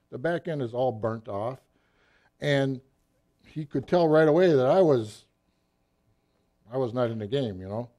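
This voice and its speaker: A middle-aged man telling a story from the pulpit in a folksy, animated way, acting out the scenes as he goes. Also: mid-range voice. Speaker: church speaker. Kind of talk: storytelling sermon.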